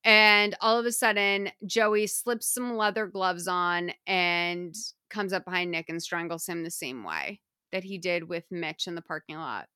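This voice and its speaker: A woman podcast host casually recapping a film, retelling scenes in an animated way and acting out the characters' lines, with lots of "like" fillers. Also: lowish voice, a little slow, clean tone, no room sound, studio quality.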